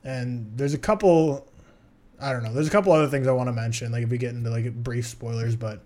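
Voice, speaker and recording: A man's voice: mid-range voice, brisk, a little mellow. A young man, a podcast co-host, chatting casually and rambling through his film opinions with frequent restarts. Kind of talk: casual chat.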